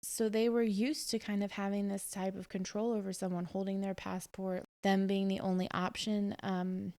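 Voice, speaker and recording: A woman's voice: mid-range voice, little pitch movement, normal speed, mellow. A woman in her twenties casually telling a long personal story on a podcast, with lots of fillers and quoted dialogue. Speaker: podcast host.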